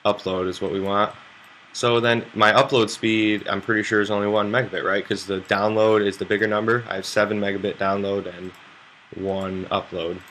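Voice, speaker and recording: Bright-voiced chatty young man streaming. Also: on the low side, flat delivery, moderate pace, slight background noise. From United States. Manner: rambling, loose and chatty, swears freely. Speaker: poker streamer. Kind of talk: casual live-stream chat to viewers.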